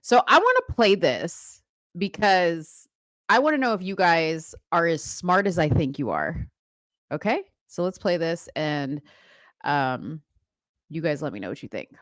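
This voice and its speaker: A woman host with a low voice that moves a lot, chatty and animated in a political talk show. She banters easily with her co-host. The recording is close and dry. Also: unhurried, no room sound. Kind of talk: casual political chat.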